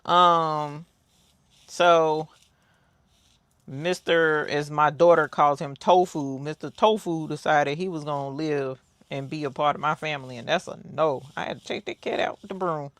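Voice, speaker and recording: A woman's voice: deep voice, steady tone, a little slow, no echo. A woman hosting a crafting livestream, chatting casually with viewers, telling stories and reading out their comments. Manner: chatty storyteller, talks to viewers, reads out chat comments.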